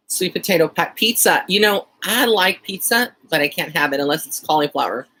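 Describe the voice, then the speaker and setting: A man's voice: fairly high pitch, animated, moderate pace, pushed and bright. A man with a Texan accent hosting a casual live-stream chat, rambling along with plenty of fillers and easy laughs. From Texas. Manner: chatty and rambling, frequent fillers and light laughter.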